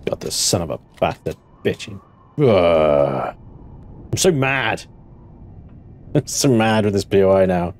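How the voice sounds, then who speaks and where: Deep voiced guy doing let's play commentary, keeps muttering to himself and cursing. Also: slow, pauses often. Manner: excitable, talks to himself, swears. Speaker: gameplay commentator.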